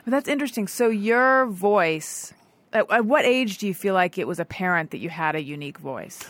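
A woman's voice: medium pitch, moderate pace, fairly bright tone, dry recording. A woman hosting a podcast, interviewing her guest with curious questions. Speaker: podcast host.

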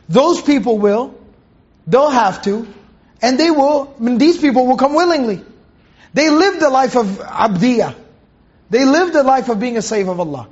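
A man's voice: very high-pitched, darkish tone, highs cut off. A man giving a Quran commentary lesson, patiently explaining Arabic terms and correcting himself as he goes. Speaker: Quran teacher.

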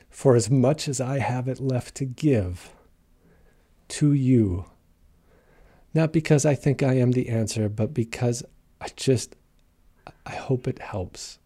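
Very dark-voiced, profane man. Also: lowish voice. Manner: raw, heavily profane, emphatic; rambling, repeats and restarts phrases. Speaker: motivational speaker sharing his recovery story. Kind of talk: candid personal monologue.

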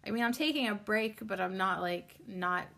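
A woman's voice: mid-range voice, normal speed, creaky, a bit bright. Chatty lady podcaster rambling along, lots of ums, swears here and there. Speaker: podcast host. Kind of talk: casual solo podcast chat.

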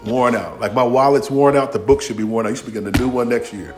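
A man's voice: medium pitch, fast, faint music behind. A man preaching a sermon, playful and humorous, acting out voices of biblical figures in vernacular speech. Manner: animated, humorous preaching with acted-out dialogue; Southern-inflected vernacular, y'all and ain't. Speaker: pastor.

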